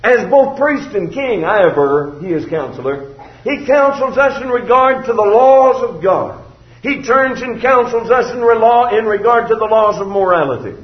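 A man's voice: high-pitched, expressive, normal speed. A man preaching a sermon in an emphatic, formal cadence, quoting scripture. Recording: roomy, slightly dull recording.

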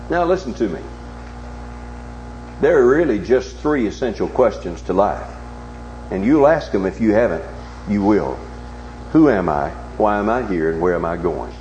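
A male preacher giving a sermon, swinging from low hushed tones to loud, emphatic challenges with repeated rhetorical questions. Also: sing-song, a little slow. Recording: echoey, dull recording with faint hum.

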